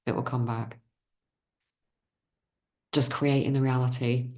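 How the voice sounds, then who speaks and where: A woman's voice: extremely low pitch, level tone, takes it slowly, darkish tone. A woman card reader chatting casually, telling rambling, digressive stories with effusive enthusiasm and losing her thread at times.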